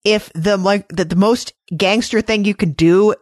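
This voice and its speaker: A woman's voice: medium pitch, measured pace, a little mellow, no room sound, clean studio sound. A woman co-hosting a casual fan discussion podcast, easygoing and wry. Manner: easygoing, wry, full of comparisons. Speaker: podcast co-host.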